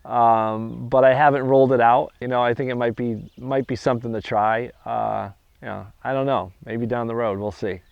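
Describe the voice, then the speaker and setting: Halting middle-aged man in an interview. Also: mid-range voice, steady tone, vocal fry, clean tone, no room sound, phone-quality sound. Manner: halting, many restarts and fillers. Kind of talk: casual interview recounting.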